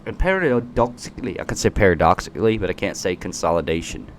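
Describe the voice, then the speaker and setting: A man's voice: low voice, lively intonation, fast talker, a little hiss or hum. Sarcastic ranting man. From United States. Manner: emphatic, sarcastic, repeats rhetorical questions. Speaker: political commentator. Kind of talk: ranting opinion commentary.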